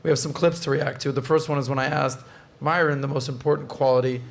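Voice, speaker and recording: A man's voice: mid-range voice, steady tone, fast talker, creaky. Upbeat joking man hosting a podcast. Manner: upbeat, joking, steers the talk. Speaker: podcast host. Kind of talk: casual chat.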